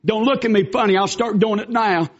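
A man preaching a fervent, folksy sermon as a pastor, with bursts of shouting. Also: high-pitched, steady tone, a little fast. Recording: dull lo-fi recording.

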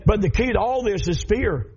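Husky high-voiced Southern preacher. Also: male voice, animated, normal speed, lo-fi sound. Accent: Southern American. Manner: emphatic, builds to shouting. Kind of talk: fervent sermon.

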